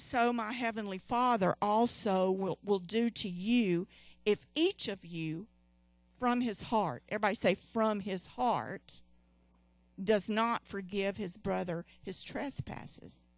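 A woman's voice: mid-range voice, a little slow, no room sound. A woman preaching a sermon, emphatic and repeating key phrases, calling on the congregation to respond.

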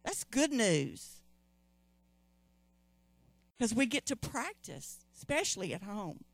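A woman's voice: on the high side, big pitch swings, slow pace, creaky, no room sound. A woman preaching a sermon, emphatic and repeating key phrases, calling on the congregation to respond.

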